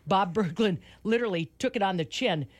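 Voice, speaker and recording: A woman's voice: medium pitch, brisk. A woman farm director giving a chatty, folksy market report on live local news.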